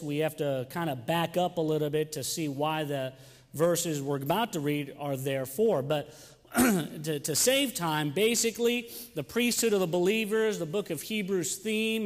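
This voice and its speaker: Young man, youth pastor, chatty and joking with the congregation, slightly high voice, long reverb of a church sanctuary. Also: normal speed. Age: young adult. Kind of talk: sermon announcements and storytelling.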